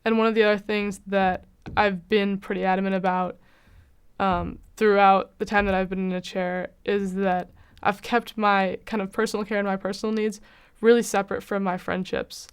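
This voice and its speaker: A woman's voice: mid-range voice, level tone, normal speed, clear, resonant tone. A young American woman, a university student, giving a candid, reflective personal testimonial with frequent "kind of" hedges. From United States. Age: young adult.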